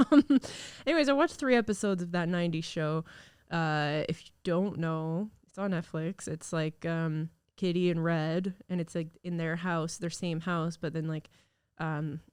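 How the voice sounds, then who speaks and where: In a dry studio recording, a young woman speaks at an unhurried pace in a fairly low, slightly mellow, clean voice. She's a podcast host on the mend from illness, chatting solo and rambling with lots of fillers.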